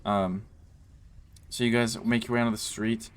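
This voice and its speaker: A man with a lowish voice narrates a tabletop game as its game master. His delivery is loose and rambling, padded with ums and likes. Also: flat delivery, moderate pace, clean tone.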